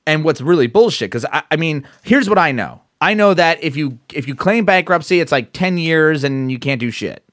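A man's voice: a little high, expressive, moderate pace, hardly any pauses, a bit bright, no echo, clean studio sound. A man with a New Jersey accent co-hosting a casual podcast, chatty and laughing as he tells stories. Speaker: podcast co-host.

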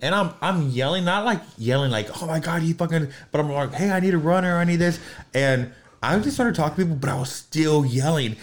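A man's voice: mid-range voice, a little fast. Earnest, joking podcast guest man. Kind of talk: casual chat.

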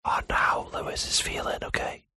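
A Welsh man doing a whispered role-play as a seductive male ASMR host, slow and breathy close to a professional mic. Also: pushed and bright, no echo. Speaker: podcast host. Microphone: professional microphone.

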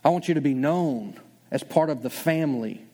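Pastor guy preaching fast, bit high voiced, echoey big church hall. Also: warm tone. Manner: conversational, acts out listeners' doubts in quick asides. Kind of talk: sermon.

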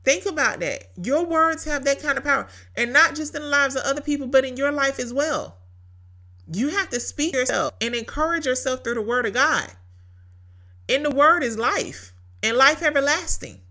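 A woman hosts a casual devotional talk in a bright, somewhat high voice. She tells her story in an animated way, laughing often and repeating key phrases for emphasis. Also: moderate pace. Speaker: podcast host.

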